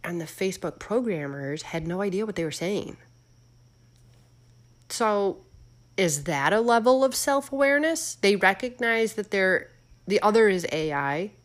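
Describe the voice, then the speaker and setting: A woman hosting a casual chat, musing out loud with lots of fillers and questions for her listeners. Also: mid-range voice, lively intonation, a little slow. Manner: musing, rambling, full of fillers; asks the audience questions. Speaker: host.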